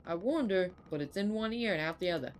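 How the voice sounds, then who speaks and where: A woman's voice: lowish voice, expressive, fast talker, slight background noise, lightly acted. A woman voicing a bitter middle-aged male mechanic in a put-on accent, grumbling and scornful. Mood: gruff. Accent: put-on regional accent.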